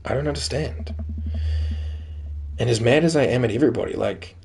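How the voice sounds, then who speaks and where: A sulky teenage girl vents about her friends in a mid-pitched voice, as a man puts her on. The read stays close to a man's everyday speaking voice. A faint hiss sits under the recording. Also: fairly quick, creaky, darkish tone, close to an everyday voice. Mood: hurt.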